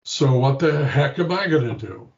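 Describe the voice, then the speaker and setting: A man's voice: fairly high pitch, lively intonation, normal speed, a little mellow, lo-fi sound. An older man, a grandfather, reflectively telling a personal story in an interview and acting out the quoted voices. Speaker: interview guest, patient.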